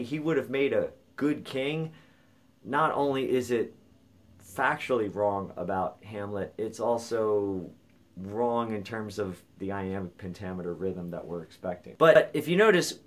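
A man giving a thoughtful spoken lesson on a play, reading lines of verse aloud slowly to count their beats. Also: lowish voice. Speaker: literature lecturer. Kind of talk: explanatory video essay.

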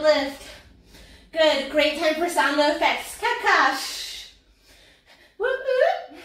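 A woman's voice: high voice, very echoey, recorded from a distance. A woman fitness instructor leading a workout class, counting reps and cheering with whoops and laughs, out of breath.

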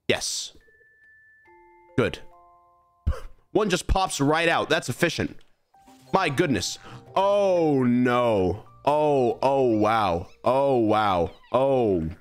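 A young man streaming a game, animatedly bossing his creatures around as he plays. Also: medium pitch. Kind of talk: live gameplay commentary.

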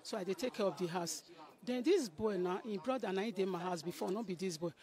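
A woman's voice: medium pitch, fast. Nigerian woman telling her story with animation. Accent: Nigerian Pidgin English. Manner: animated storytelling, acting out what others said. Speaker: person giving a testimony. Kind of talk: emotional spoken testimony.

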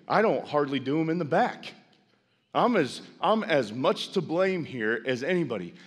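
A middle-aged man preaching a sermon as pastor, folksy with self-deprecating asides, building to loud, impassioned preaching. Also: mid-range voice, animated, normal speed, husky. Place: large church sanctuary. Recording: long church hall reverb.

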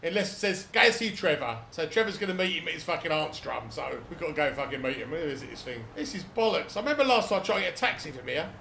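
A middle-aged British man narrates his video game play with a high, bright voice that swings widely in pitch. His tone has a gravelly edge, and he swears and laughs freely in a casual running commentary. He is recorded in an echoey room. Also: very animated, very fast, hardly any pauses, a little hiss or hum. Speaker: gamer playing through a video game.

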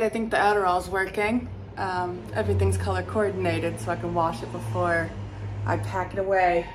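A woman's voice: fairly low pitch, slight background noise, poor audio. Chatty young woman vlogging to her phone. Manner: chatty, candid and self-mocking, with frequent fillers. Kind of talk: casual vlog talking to camera. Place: her apartment in New York.

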